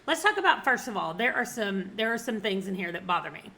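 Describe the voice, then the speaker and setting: Talking fast in a sing-song, mid-range voice with a sharp edge, a Southern woman in her forties reviews books casually for her vlog. She laughs a lot, and her accent marks her as from the Southern United States.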